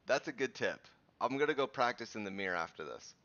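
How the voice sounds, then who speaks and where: Chatty man, bright voice, lo-fi stream. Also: medium pitch, expressive, fast talker. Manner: chatty, rambling, frequent restarts and fillers. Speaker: host of a live crypto chart show. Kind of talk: casual live-stream chat and chart teaching.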